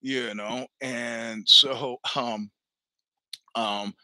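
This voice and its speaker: A man in his sixties talks through a personal story on his own show, loose and chatty, stumbling over restarts and dropping curses along the way. His voice is very bright and forward at a mid pitch. It sits close and dry on the mic, with no room sound. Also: fairly even intonation, drawn-out words, no room sound. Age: 60s. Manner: chatty, many restarts and stammers, swears freely. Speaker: podcast host. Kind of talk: rambling personal storytelling monologue.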